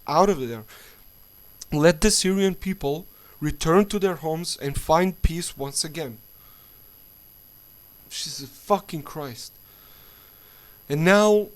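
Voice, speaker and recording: A man vlogging an angry political rant, swearing often and stumbling through restarts. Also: a little high. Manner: angry, profane, halting with restarts.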